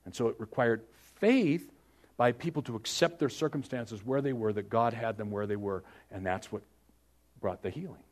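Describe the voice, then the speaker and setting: A man preaching a sermon, telling stories and acting out grumbling people in raised voices. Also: normal speed. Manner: lively storytelling preacher, acts out complainers in higher voices. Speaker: pastor.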